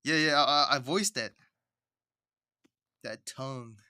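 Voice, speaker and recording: A man chats casually on a livestream while he draws. He rambles and talks to himself. His voice sits at an ordinary middle pitch. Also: slow, bright, forceful tone, smooth, dry recording, studio quality. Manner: rambling, chatty self-talk. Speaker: streamer.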